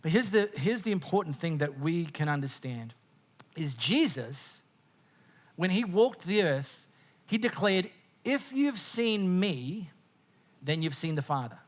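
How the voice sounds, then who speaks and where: A middle-aged Australian man preaching a sermon as pastor, conversational and jokey, with frequent quick restarts. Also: high-pitched.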